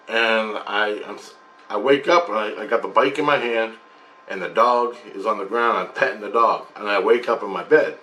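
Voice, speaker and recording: A man who hosts his own channel, casually retelling a dream in a rambling, halting way full of restarts. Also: fairly low pitch, pushed and bright, a little hiss or hum. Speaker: channel host sharing spiritual experiences. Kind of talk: casual spoken recounting of a dream.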